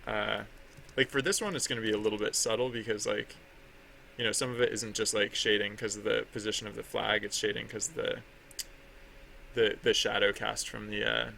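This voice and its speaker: A man talks loosely on a livestream while working on a drawing. His voice is bright and edged with gravelly fry. He rambles, trips over his words and keeps laughing at himself, with a faint hiss of noise behind him. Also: on the low side, steady tone, normal speed, pauses often. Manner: rambling, many fillers and restarts, laughs at himself. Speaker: artist streaming his drawing.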